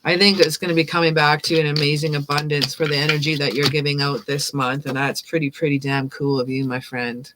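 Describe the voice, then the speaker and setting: A woman's voice: sits low, flat delivery, fairly quick, hardly any pauses, fairly bright tone, slight background noise. A woman giving a live-stream tarot reading as host, talking in an upbeat, playful and affirming way. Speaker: tarot reader.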